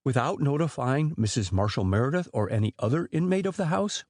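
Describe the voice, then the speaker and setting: A man's voice: medium pitch, expressive, a little fast, darkish tone, dry recording, close to an everyday voice. A man reading the part of a grim, persistent police inspector who questions in a dry, probing way.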